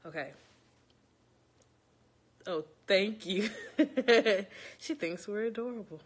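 A woman's voice: mid-range voice, slow pace, slightly rough. A young woman from Louisiana, chatting casually to viewers at home while nervous before an interview. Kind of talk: casual chat. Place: home, indoors.

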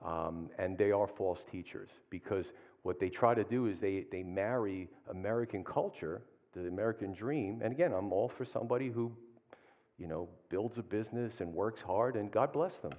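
A man preaching a sermon as a pastor, in a conversational way, often tagging his points with questions and animated asides. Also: on the low side, moderate pace. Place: church hall. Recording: dull sound with long hall reverb.

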